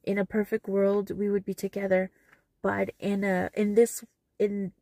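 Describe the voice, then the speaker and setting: A woman's voice: mid-range voice, monotone, unhurried, mellow, no echo, clean studio sound. A middle-aged woman telling a personal story in a vlog, earnest and emotional as she retells conversations. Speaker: vlogger.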